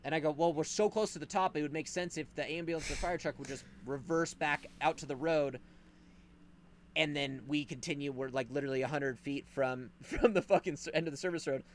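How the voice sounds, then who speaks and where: A man telling a story in casual podcast chat, animated and profane, acting out the people in it. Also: on the high side, brisk, slight background noise. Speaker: podcast host.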